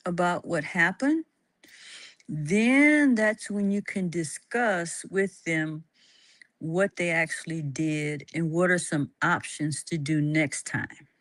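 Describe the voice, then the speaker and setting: Slow, calm woman hosting, dry sound. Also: lowish voice, no room sound. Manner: calm, halting, many fillers and restarts; laughs often. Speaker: host. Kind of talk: casual chat about teaching.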